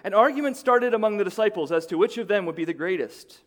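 High-voiced middle-aged male pastor preaching. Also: fast. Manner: conversational, repeats words, builds to excited bursts. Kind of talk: sermon.

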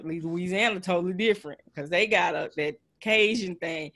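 Host: Texan woman, light twang, easygoing chat, quick to laugh. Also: lowish voice. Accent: Texas Southern twang. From Texas. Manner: laughs often, animated. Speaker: podcast host. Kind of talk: casual chat.

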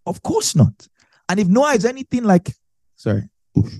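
A man teaching a sermon, emphatic and animated, hammering home key phrases by repeating them. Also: sits high, normal speed, breathy edge, no echo, studio quality. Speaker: Bible teacher.

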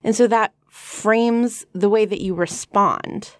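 A young woman co-hosting a casual book discussion podcast, animated and quick to laugh. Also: medium pitch, no room sound. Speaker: podcast co-host.

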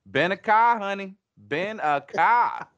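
Guy doing a texan tycoon villain speaking spanish w a heavy southern twang, drawly and flirty, pitched up high. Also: animated, takes it slowly, a bit bright, highs cut off, exaggerated voice.

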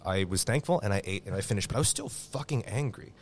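Man, fairly low voice, profane lively storytelling, casual podcast chat. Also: fast. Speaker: guest chef and restaurant owner.

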